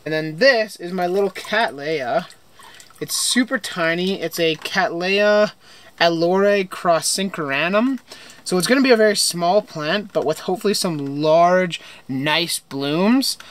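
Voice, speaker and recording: A man's voice: fairly high pitch, a bit bright. A young man casually touring his home greenhouse, chatting with enthusiasm and frequent fillers. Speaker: greenhouse vlogger. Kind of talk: casual plant tour.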